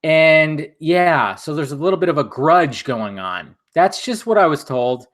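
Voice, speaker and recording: A man's voice: a little high, expressive, measured pace, a bit bright. A young man hosting a live stream, chatting in a laid-back way and reading out viewer comments, swearing casually.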